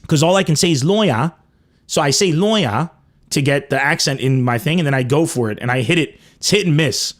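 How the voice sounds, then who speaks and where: A man hosting a casual call-in podcast, joking with callers, swearing freely and tossing off quick asides. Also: on the high side, expressive. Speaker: podcast host taking calls.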